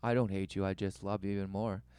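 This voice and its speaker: A man's voice: sits low, level tone, fast talker, warm tone, smooth, dry recording. A man giving mocking, preachy commentary over video clips, full of exclamations and rhetorical questions.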